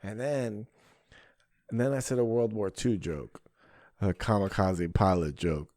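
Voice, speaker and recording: Animated storytelling man, dry close sound. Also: fairly low pitch, a little slow, no room sound. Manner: animated storyteller, acts out his own stage lines. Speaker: podcast host and stand-up comedian. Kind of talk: casual chat, telling a stand-up story.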